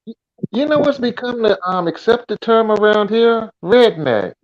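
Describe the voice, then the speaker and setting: Folksy man, high voice. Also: lively intonation, a little slow, lo-fi sound. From Virginia, US. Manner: laughing, playful, folksy. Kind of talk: casual chat.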